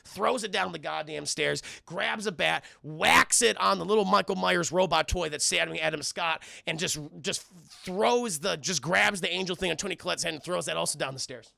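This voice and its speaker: Male streamer, high gravelly voice, lively film recap, dry close mic. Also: normal speed, few pauses, no room sound. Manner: animated, acts out characters in shouted voices. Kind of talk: excited movie recap to live chat.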